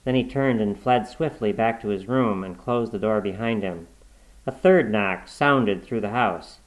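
A man reading a horror story aloud in a measured, suspenseful narration. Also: fairly low pitch, low-quality recording.

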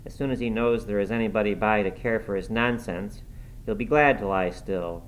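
Brisk scolding housekeeper, middle-aged, blunt, put on by a male audiobook reader. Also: fairly low pitch, slight background noise, close to an everyday voice, poor audio. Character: stern no-nonsense middle-aged housekeeper woman. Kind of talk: audiobook reading.

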